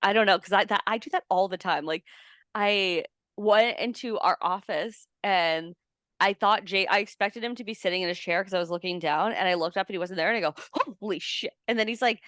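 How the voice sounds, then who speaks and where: Loud, reactive young woman in chat. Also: mid-range voice, no room sound, studio quality. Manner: loud, reactive, quick laughs. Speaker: podcast co-host. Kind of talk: casual chat.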